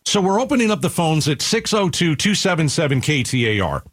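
Husky, animated male radio host. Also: fairly high pitch, a little fast. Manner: energetic, emphatic. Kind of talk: casual radio talk.

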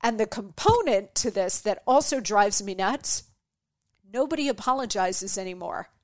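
A woman's voice: medium pitch, animated, moderate pace, a little mellow, no room sound, clean studio sound. A woman hosting her own podcast, ranting with exasperation and acting out mocking quoted voices. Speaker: podcast host. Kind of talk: opinion monologue.

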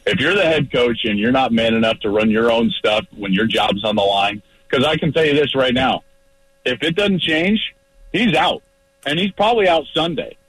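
A man's voice: mid-range voice, animated, moderate pace, fairly bright tone, breathy edge, no echo, low-quality recording. A man calling in to a sports radio show from his car as a football analyst guest, talking in an emphatic, blunt, fired-up way.

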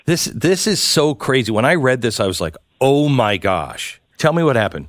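A man hosting a radio talk show, introducing a guest in an animated, astonished way. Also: mid-range voice, fairly quick, no room sound. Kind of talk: interview intro. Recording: dry studio recording.

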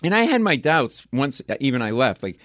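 A man from Rhode Island, a comedian telling stories as a guest in an interview, lively and slipping into voices for the people he quotes. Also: mid-range voice, a little fast, dry recording. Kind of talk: storytelling interview chat.

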